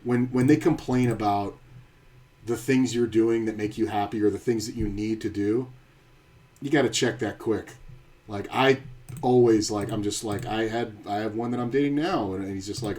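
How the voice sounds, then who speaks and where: A man's voice: lowish voice, steady tone, moderate pace, darkish tone. A man streaming poker and telling a rambling, blunt, profane story in casual chat.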